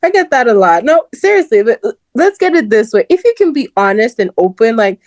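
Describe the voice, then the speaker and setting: A young woman from Southern California co-hosting a casual podcast chat, animated and laughing often, with lots of "like" in her speech. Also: a little high, fairly quick, hardly any pauses, no room sound. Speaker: guest host.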